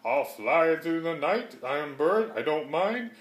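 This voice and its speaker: A man's voice: fairly high pitch, animated, unhurried. A man doing a sneering, boastful eagle. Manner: sneering and loud. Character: mocking male eagle, strong and boastful. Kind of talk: storybook read-aloud. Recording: roomy echo.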